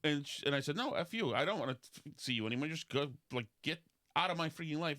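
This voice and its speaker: A man, hosting a casual podcast and telling rambling stories in which he mimics other people in high voices. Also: expressive, fast, bright, forceful tone. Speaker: podcast host. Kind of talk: casual talk show banter.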